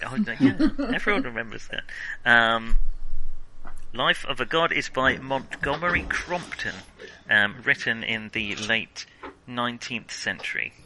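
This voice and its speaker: A man's voice: mid-range voice, expressive, a little slow, background noise. A man running a tabletop horror game as game master, talking casually with lots of ums and restarts. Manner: casual, hesitant with fillers.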